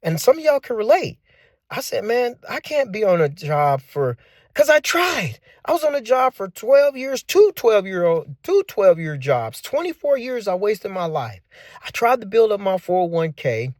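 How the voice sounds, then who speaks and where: Forties male host, chatty and animated, dry close mic, acts out quotes in his story. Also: high-pitched, moderate pace, dry recording. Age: 40s. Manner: conversational with slangy phrasing. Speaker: finance channel host. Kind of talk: casual storytelling to camera.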